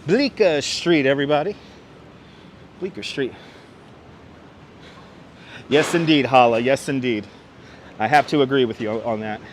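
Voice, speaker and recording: At medium pitch, a little slow and with long pauses, a man hosts a live stream while walking city streets. He reads the chat aloud, chatting and welcoming viewers by name. His wireless clip-on mic also catches faint traffic and street noise.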